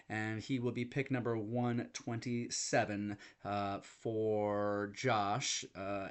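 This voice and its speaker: A man's voice: medium pitch, fairly bright tone. A man giving a casual, chatty breakdown of a fantasy basketball draft, thinking aloud and poking fun at himself as he checks his notes. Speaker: fantasy basketball league commissioner. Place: in London.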